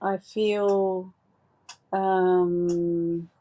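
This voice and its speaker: Slow, hesitant woman psychic. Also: lowish voice, level tone. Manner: hesitant, many fillers and restarts; gentle, reassuring advice. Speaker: psychic giving readings. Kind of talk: live call-in psychic reading.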